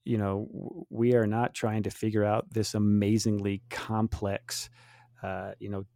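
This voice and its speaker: A man in his fifties, co-hosting a podcast, telling a story in lively casual chat and laughing often. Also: lowish voice, unhurried, gravelly, no room sound, clean studio sound. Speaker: podcast co-host.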